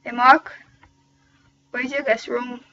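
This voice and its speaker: A woman's voice: a little high, little pitch movement, takes it slowly, sharp tone, highs cut off, slight background noise. A young woman voicing a cheerful young Irish man in a clumsy, exaggerated put-on Irish accent.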